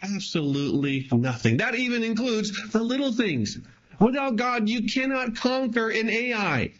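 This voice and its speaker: A man preaching a sermon, reading scripture and retelling it in his own plain words, with emphatic swings between raised and hushed delivery. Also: very high-pitched, a little slow, lo-fi sound. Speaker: pastor.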